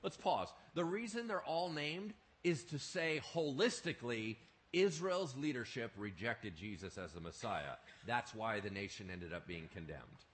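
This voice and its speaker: A male pastor preaching a sermon in an animated, emphatic way, often asking his listeners questions. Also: mid-range voice, unhurried.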